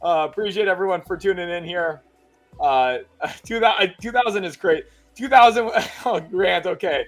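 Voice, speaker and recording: A young man hosting a casual sports livestream, laughing nervously as he reads donations out loud. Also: high-pitched, normal speed, soft background music. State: nervous, excited. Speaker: livestream host.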